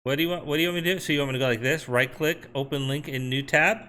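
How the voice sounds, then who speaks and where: Bright-voiced man thinking aloud while coding. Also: fairly high pitch, fairly even intonation, racing. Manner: talks to chat and himself while working. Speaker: software developer streaming his coding.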